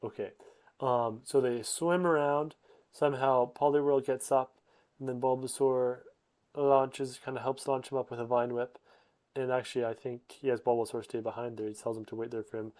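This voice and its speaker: Young guy rambling thru a sleepy summary, lots of ums, mid pitch. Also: steady tone, normal speed, a little mellow. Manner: rambling, with fillers and self-corrections. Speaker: host.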